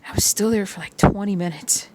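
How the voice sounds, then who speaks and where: A woman's voice: medium pitch, a little fast, very noisy. Chatty woman rambling while stitching. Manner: rambling, hums and sings along softly to music. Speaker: cross-stitch vlogger. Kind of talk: casual chat while stitching.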